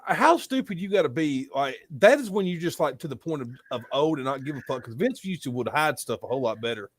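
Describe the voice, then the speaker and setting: A man co-hosting a casual podcast who talks loudly and swears constantly as he tells stories. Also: a little high, fast, dry recording. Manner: loud, profane, animated storytelling. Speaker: podcast co-host. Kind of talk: casual chat.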